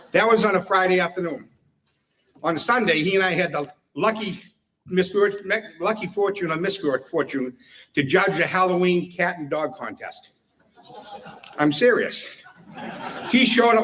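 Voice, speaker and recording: A man's voice: on the high side, fairly bright tone. Man, tribute speaker, storyteller, somewhat distant pickup. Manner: storytelling, chuckling through anecdotes. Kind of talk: humorous tribute speech. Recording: voice heard from a distance.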